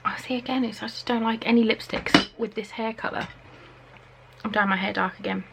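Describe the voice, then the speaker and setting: A young English woman from Norfolk chatting excitedly on camera at home, reading out product blurbs as she unboxes them. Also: fairly high pitch, a little fast, gravelly, noisy background. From Norfolk, England. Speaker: beauty vlogger. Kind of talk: casual unboxing chat. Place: at home, indoors.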